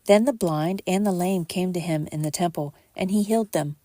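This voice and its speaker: A woman hosting a podcast, reading scripture aloud at a measured pace and lifting her voice for quoted speech. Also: lowish voice, warm tone, dry recording.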